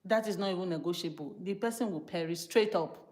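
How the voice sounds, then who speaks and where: A Nigerian woman from Benin City preaching informally to her live-stream viewers, emphatic and animated, slipping into pidgin and speaking straight to her audience. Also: lowish voice, brisk. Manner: emphatic and animated, switching between English and pidgin, asides to the viewers. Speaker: live-stream host teaching from the Bible.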